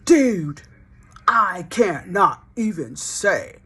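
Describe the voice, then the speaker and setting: A woman voicing a shocked, wide-eyed man who drags his words out slowly in a dazed way. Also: fairly low pitch, animated, fairly bright tone, husky, exaggerated voice. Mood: stunned. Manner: slow, drawn-out, dazed telling. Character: stunned wide-eyed man, a church sound tech.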